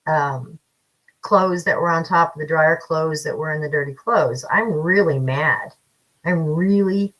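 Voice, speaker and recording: A woman's voice: on the low side, fairly bright tone, low-quality recording. A woman hosting a casual livestream, chatting with viewers in a feisty, blunt way. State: slight cough from paint fumes. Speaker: psychic livestream host.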